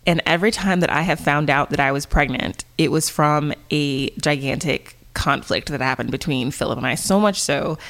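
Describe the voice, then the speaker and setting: Low-voiced woman telling a lively story. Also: moderate pace, few pauses. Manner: animated storytelling, acts out quoted lines. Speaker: podcast co-host. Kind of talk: casual chat.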